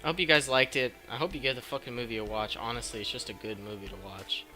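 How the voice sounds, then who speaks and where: A man recapping a film casually, swearing a lot and rambling excitedly, on a cheap mic. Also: mid-range voice, fast talker. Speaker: film review vlogger. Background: background noise and faint music.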